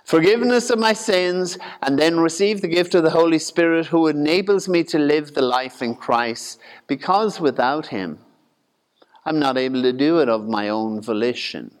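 A man's voice: a little high, normal speed, big-room sound. A man preaching a sermon in a conversational, folksy way, with asides and humor.

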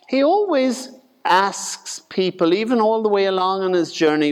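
Male preacher, conversational sermon, high voice, long hall reverb. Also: normal speed, clear, resonant tone. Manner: conversational, acts out voices in his retelling.

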